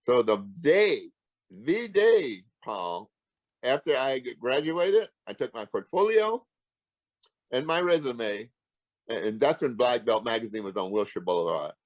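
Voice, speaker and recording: Speaking unhurriedly at medium pitch, an older martial arts grand master shares casual stories as an interview guest. It's a rough recording without echo. He acts out the dialogue animatedly and restarts often.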